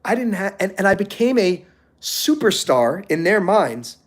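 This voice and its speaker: A middle-aged man on a motivational live stream, telling animated stories and acting out the people he quotes. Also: high-pitched, moderate pace.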